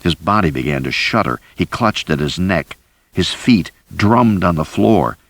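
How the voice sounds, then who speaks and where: Deep male audiobook narrator, lively pitch, dry studio sound. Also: unhurried, dry recording. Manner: deep, steady, lively delivery. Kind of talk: scripted first-person narration.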